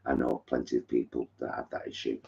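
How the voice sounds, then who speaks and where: A man with an extremely low, gravelly voice chats frankly on a home live stream, reading viewer comments and rambling with fillers. The sound is dull and lo-fi. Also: little pitch movement, fast, a little mellow, slight background noise. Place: living room at home.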